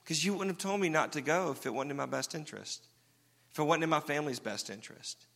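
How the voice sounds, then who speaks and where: A man's voice: fairly high pitch, quick pace, vocal fry, fairly bright tone. A man preaching a sermon as pastor, talking conversationally and checking in with the congregation. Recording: long reverb of a large hall.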